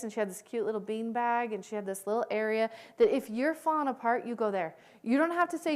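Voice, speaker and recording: A woman's voice: fairly high pitch, quick pace, few pauses. A middle-aged woman, a social worker, giving a candid conference presentation and laughing often. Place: conference hall.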